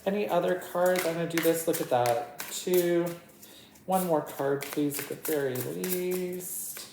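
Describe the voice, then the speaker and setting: Speaking a little slowly in a lowish voice, this tarot reader chats and giggles her way through a casual reading, addressing the cards directly. The recording has an echo and some faint noise.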